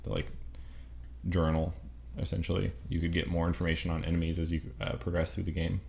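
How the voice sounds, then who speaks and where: Deep-voiced man chatting casually. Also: flat delivery, brisk, vocal fry, a little mellow, slight background noise. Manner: enthusiastic, laughs often, many fillers. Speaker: podcast co-host. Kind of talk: casual gaming chat.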